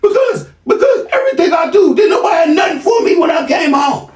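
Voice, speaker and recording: A man voicing his distraught young adult son, who screams in a high, tearful voice. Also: sing-song, fairly quick, recorded from a distance. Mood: screaming, tearful. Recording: roomy, from off the mic.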